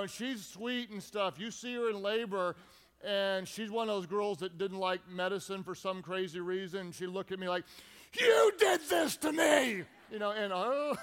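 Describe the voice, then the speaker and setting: A man preaching a sermon to his church, telling stories with lively acted-out shouts. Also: sits high, clean tone. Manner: animated storytelling with acted-out shouts. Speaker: pastor. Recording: long reverb of a large hall.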